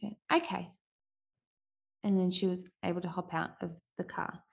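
A woman's voice: lowish voice, steady tone, normal speed, gravelly, breathy edge. A woman, speaking earnestly and reflectively about parenting, often restarting her sentences. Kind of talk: casual talk on parenting.

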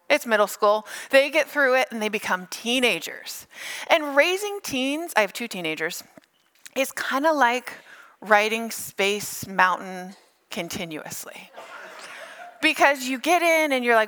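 Middle-aged woman, pastor, sermon, bright tone, fairly high voice, playful storytelling. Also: a little slow. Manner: animated, playful storytelling with funny asides.

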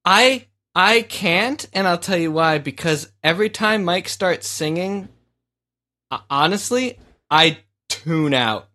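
A man's voice: high voice, animated, takes it slowly, pushed and bright. A man co-hosting a casual chat on a group call, teasing and exasperated. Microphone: call microphone.

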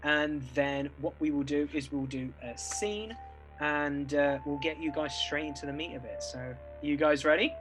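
Relaxed game master. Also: male voice, a little high, moderate pace, music in the background, low-quality recording. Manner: relaxed, casual, lots of fillers. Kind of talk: narrating a tabletop game.

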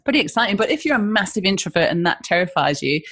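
A woman's voice: mid-range voice, very animated, fast, fairly bright tone, slightly rough, dry recording. A woman with an Australian accent, a business founder talking as a podcast guest in a rambling, chatty way full of "you know, like". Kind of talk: casual podcast interview.

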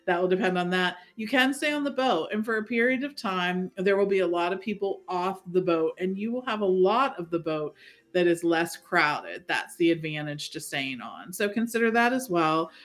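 A woman co-hosting a casual podcast, giving friendly, measured advice. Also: fairly low pitch. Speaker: podcast co-host.

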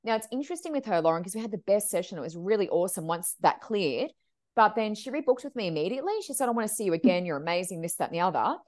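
Animated woman medium, casual podcast guest, acts out quotes, very lively pitch. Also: racing. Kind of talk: casual storytelling chat.

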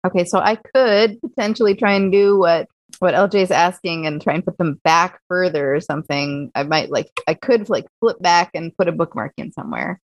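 A woman's voice: lowish voice, normal speed, no echo, lo-fi sound. A woman playing a tabletop game, thinking aloud and hesitant. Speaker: player. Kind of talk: casual tabletop play.

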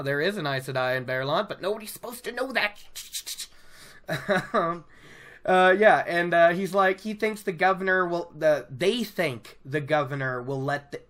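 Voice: medium pitch, a bit bright. A speaker from the United States giving a casual, rambling chapter recap and commentary, chatty and enthusiastic, giggling often between thoughts. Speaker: book discussion host.

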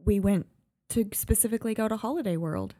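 A woman co-hosting a podcast, chatting casually in a relaxed, hesitant way. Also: mid-range voice, brisk, no room sound, studio quality. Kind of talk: casual chat.

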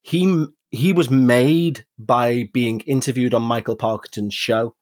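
A man's voice: medium pitch, steady tone, a little slow, a little mellow. A man from the UK in his forties, a podcast guest explaining at length in a conversational way. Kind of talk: casual chat.

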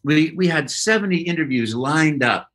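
A man, a voice actor guest on an interview show, telling stories in an animated way with playful sound effects. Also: on the high side, moderate pace.

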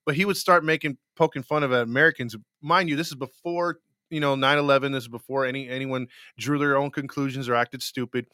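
A man's voice: mid-range voice, steady tone, fairly quick, pushed and bright, clear, resonant tone, dry recording. A man co-hosting a live podcast, telling stories between laughs. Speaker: podcast host. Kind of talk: casual chat on a livestream.

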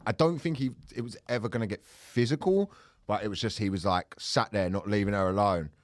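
A man's voice: lowish voice, a little fast, no echo. A man in casual podcast chat, telling a story with lots of swearing, restarts and fillers. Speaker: podcast host.

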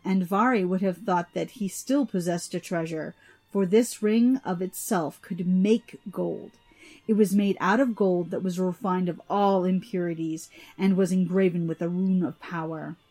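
A woman reading an old myth aloud in an even, deliberate storytelling manner. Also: fairly low pitch.

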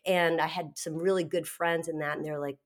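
A middle-aged woman speaks in a low voice as an interview guest. She tells her story candidly and animatedly, laughing between phrases and restarting sentences quickly. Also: steady tone.

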